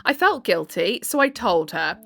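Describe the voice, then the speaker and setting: A woman's voice: medium pitch, very animated, moderate pace, creaky, fairly bright tone. A woman reading online posts aloud, breaking off for chatty, exasperated asides. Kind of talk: casual storytelling with commentary.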